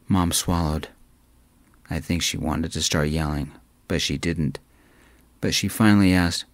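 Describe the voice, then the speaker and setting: A man narrates a romance story in a calm, soft-spoken way, keeping his delivery even and gentle. His voice is deep and low, and the recording is dry and close, with no room echo. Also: a little slow, pauses often.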